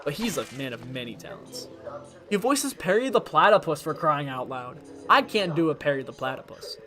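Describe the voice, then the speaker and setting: A man's voice: fairly high pitch, very animated, moderate pace, bright, forceful tone, soft background music. Rambling young male gaming streamer. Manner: rambling, lots of fillers. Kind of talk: casual chat while gaming.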